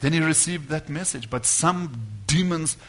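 A man preaching a sermon to a congregation, emphatic, swinging between loud declarations and quiet asides. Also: on the high side, normal speed.

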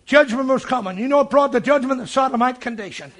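A man preaching a sermon, telling a story with fervour and breaking into shouts. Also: very high voice, quick pace. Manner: fervent, rising to shouts.

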